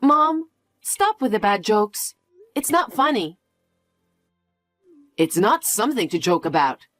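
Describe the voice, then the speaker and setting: A woman's voice: medium pitch, sing-song, slow pace, fairly bright tone, no echo, soft background music. A young woman narrating a dramatized story, questioning and incredulous. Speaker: narrator and daughter.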